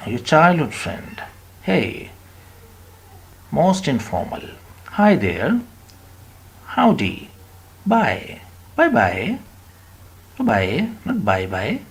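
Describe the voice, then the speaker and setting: A man teaching an online spoken lesson, repeating phrases slowly and emphatically for his students. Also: medium pitch, slight background noise. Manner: drills phrases with repetition, slow and emphatic. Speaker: English teacher.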